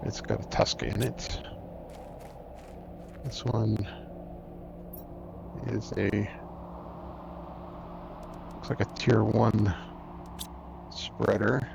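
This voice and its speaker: A man hosting a game let's-play, thinking aloud in an unhurried way as he plays. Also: fairly low pitch, steady tone, creaky, background noise. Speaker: gaming channel host. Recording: dull lo-fi recording, faint music.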